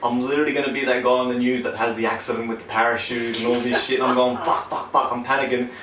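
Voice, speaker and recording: Young man, podcast host, animated and sweary, a bit off-mic in a roomy space. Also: mid-range voice, very fast. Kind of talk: casual chat. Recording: echoey room, mic at a distance, faint noise.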